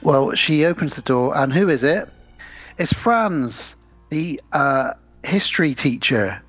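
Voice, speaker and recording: Male co-host, husky and even, steady plot narrator, slightly dull lo-fi sound. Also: a little high, slow, no echo. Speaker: podcast co-host. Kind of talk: casual film recap chat.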